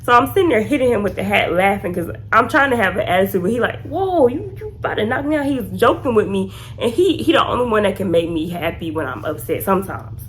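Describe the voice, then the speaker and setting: Young woman vlogger, lively casual storytime, acts out quotes high. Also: quick pace, few pauses, a little hiss or hum. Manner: animated, acts out quotes in raised pitch.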